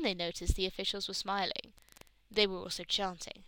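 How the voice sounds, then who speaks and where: A woman reads a story aloud in a lively, expressive way, at an everyday pitch for a woman. The sound is dry and close, with no room echo. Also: brisk. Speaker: reader. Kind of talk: fan fiction read aloud.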